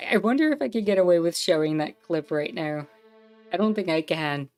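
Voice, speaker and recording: A woman's voice: fairly low pitch, a little mellow. A woman streamer giving casual, chatty commentary while playing a game, thinking aloud and laughing easily.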